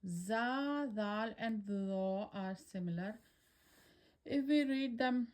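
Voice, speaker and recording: A woman Quran teacher, slowly drilling letter sounds one syllable at a time, with drawn-out repetitions. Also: a little high, a little mellow.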